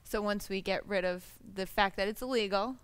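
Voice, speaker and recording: A woman panelist answering a question, thinking aloud with pauses and fillers. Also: mid-range voice, smooth, no echo. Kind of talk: panel discussion.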